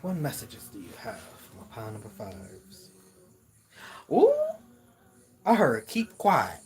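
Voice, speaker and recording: Low-voiced man giving a musing tarot reading. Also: wildly swooping pitch, a little slow, mellow. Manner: musing, repeats words while searching for messages. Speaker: tarot reader. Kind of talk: casual spiritual reading to viewers.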